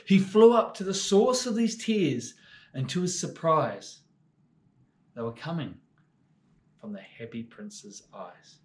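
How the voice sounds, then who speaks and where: Expressive New male storyteller. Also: fairly high pitch, slow pace, long pauses. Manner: expressive, swings from lively to hushed. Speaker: children's ministry storyteller. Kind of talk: children's storytelling.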